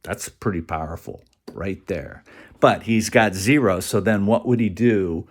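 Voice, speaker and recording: A man talking in a rambling, animated monologue, acting out quoted voices and dropping now and then to a whisper. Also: on the low side, unhurried.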